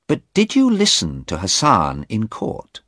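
A man voicing a careful, thoughtful lawyer in an audiobook, speaking slowly and questioningly. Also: lowish voice, huge pitch swings, fairly bright tone, no room sound, studio quality, pitched above the performer's own voice, heavily acted. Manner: measured, questioning.

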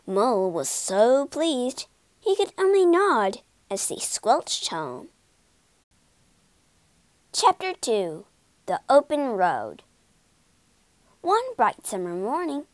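A woman reading a children's storybook aloud, expressive and unhurried. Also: sits high, no room sound. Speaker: storybook narrator.

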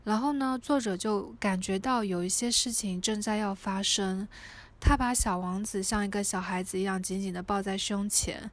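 Woman retelling a storybook, halting. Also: mid-range voice, steady tone. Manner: hesitant, with many fillers and restarts.

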